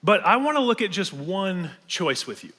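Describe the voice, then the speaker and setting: A man with a high, bright voice gives a sermon, chatty and loose, full of little fillers and jokes. His voice rings out through a large church hall with a long reverb tail. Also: very animated, moderate pace. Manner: casual, conversational preaching with fillers and humor. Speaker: pastor.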